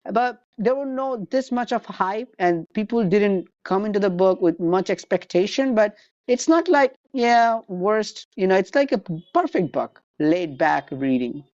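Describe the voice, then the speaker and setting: A man's voice: high-pitched, lively intonation, unhurried, darkish tone, dry recording, highs cut off. A man hosting a casual podcast chat, agreeable and hesitant, with lots of "you know". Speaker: podcast host. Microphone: remote call mic.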